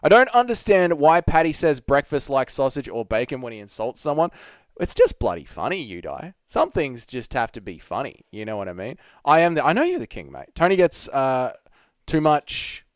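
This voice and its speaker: A man's voice: mid-range voice, very animated, moderate pace, no echo. A young man hosting a casual live stream, chatting and reading out viewer comments with plenty of swearing. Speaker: livestream host.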